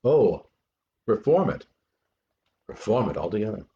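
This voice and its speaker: Hamlet, an earnest young prince, read by a man. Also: fairly low pitch. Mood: instructing. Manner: animated, deliberate verse delivery. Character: young male prince, earnest, lecturing actors. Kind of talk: amateur dramatic reading. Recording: dull lo-fi recording.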